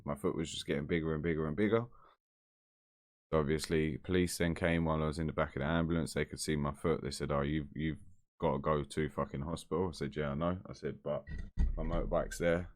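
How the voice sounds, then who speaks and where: A man's voice: a bass voice, no room sound, studio quality. A man telling a story to camera in a blunt, chatty, heavily sweary way. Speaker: vlogger.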